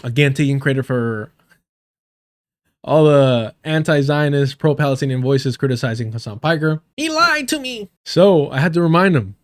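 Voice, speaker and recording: A man's voice: medium pitch, normal speed, a little mellow. A man commenting on a live stream in a heated, sarcastic and profane way. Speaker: streamer reacting to a debate.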